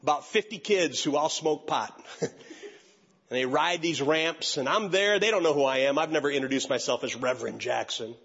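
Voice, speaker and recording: An older man, a pastor, preaches and tells a personal story with lively flair, voicing the people in it. His voice is a little high with vocal fry and a breathy edge, at normal speed, and the audio sounds dull.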